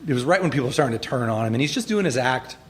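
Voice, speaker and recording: A man's voice: mid-range voice, expressive, rapid-fire, a bit bright. A man guesting on a podcast, telling stories in casual chat, acting out quotes and laughing as he talks. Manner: storytelling, laughing asides, acts out quotes.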